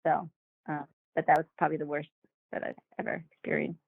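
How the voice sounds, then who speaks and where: Woman guest, lively anecdote-teller, tinny dry call audio, average pitch. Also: fairly quick, creaky, slightly rough, no echo. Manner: animated, acts out quoted voices with laughs. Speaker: guest actor. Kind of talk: casual interview storytelling.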